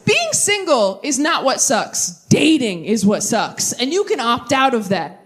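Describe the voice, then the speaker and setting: A woman's voice: on the high side, a little slow. A woman in her twenties performing a stand-up comedy set on stage, acting out quoted voices. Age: 20s. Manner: animated, acts out quoted voices. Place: stage before a laughing audience.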